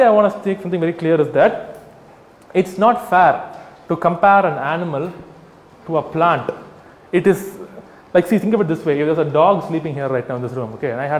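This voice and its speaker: A man giving a live talk to an audience, animated and mocking, acting out little scenes. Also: on the high side. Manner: animated, mocking, acts out scenes with quoted voices. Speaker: vegan activist speaking to an audience. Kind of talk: live public talk to a crowd. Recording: echoey hall, faint room ambience.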